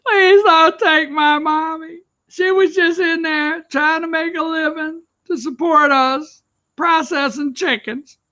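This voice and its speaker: A man's voice: extremely high pitch, fairly even intonation, takes it slowly, pushed and bright, voice pushed up, exaggerated voice. A man mimicking a crying little girl who pleads for her mother in a tearful whine. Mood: pleading.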